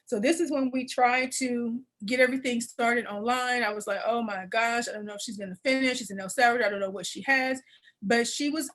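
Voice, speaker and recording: A woman presenting an adult education program on a video call, teary and warm as she repeats phrases and laughs. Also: a little high, low-quality recording. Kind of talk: webinar presentation.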